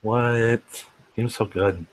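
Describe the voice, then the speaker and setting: A man with a very low, deep voice chats casually as a podcast co-host. He tosses out quick, playful quips and keeps the talk light. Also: steady tone, poor audio. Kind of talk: casual chat.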